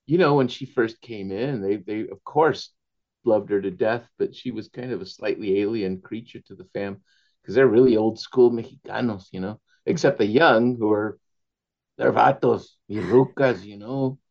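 A man, an author, telling animated anecdotes in an interview, laughing often and slipping into Spanish phrases. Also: lowish voice, normal speed, creaky, lo-fi sound. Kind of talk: storytelling in a conversational interview.

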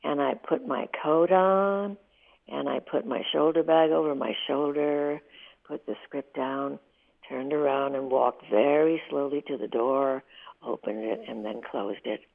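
A woman in her eighties tells a heartfelt story as a radio guest. Her voice is low and gravelly, and she speaks with vivid feeling. The sound is thin and tinny, like a phone line. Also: fairly even intonation, unhurried. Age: 80s. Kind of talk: emotional storytelling in a radio interview.

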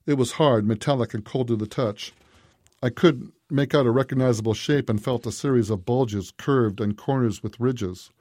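A man reading a story aloud as narrator, in a measured, even way. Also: medium pitch, no echo, studio quality. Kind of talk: scripted narration.

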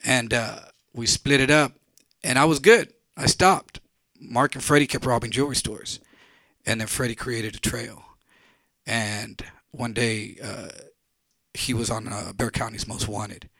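A middle-aged man from Texas tells a true story to a live audience, candid and blunt, swearing casually. His voice is bright and forward, and the sound is dry and close with no room around it. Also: medium pitch, fairly even intonation, measured pace, creaky, no echo. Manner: candid, blunt, profane, conversational.

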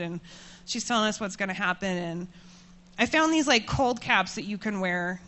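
A woman in her thirties telling a personal story to an audience, candid and self-mocking, laughing often and getting animated as she tells it. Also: medium pitch. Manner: animated, voices rising when furious.

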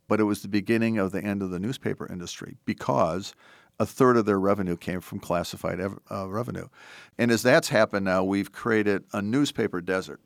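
An older American man, a podcast host and former congressman, talking politics in an animated, emphatic way. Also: on the low side, creaky, dry recording, studio quality. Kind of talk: political interview talk.

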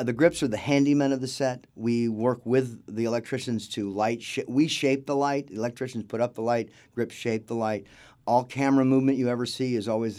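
This warm-toned, mid-range voice belongs to a middle-aged man, a film crew grip guesting in a casual interview. He tells stories and imitates the voices of those he quotes.

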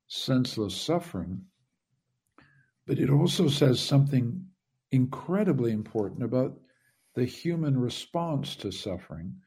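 A male author answers interview questions in a thoughtful, measured way. His delivery is unhurried, and he gives the questions he quotes a dramatic lift. The voice is mellow and slightly husky. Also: medium pitch. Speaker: author guest.

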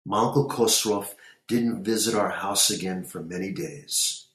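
A man narrating a story in a measured, unhurried reading. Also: on the low side, a bit bright, reverberant.

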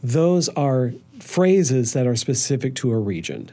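A man with a mellow, slightly husky voice, a documentary filmmaker answering interview questions. He talks thoughtfully and lifts his voice on questions. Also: medium pitch, very animated, measured pace.

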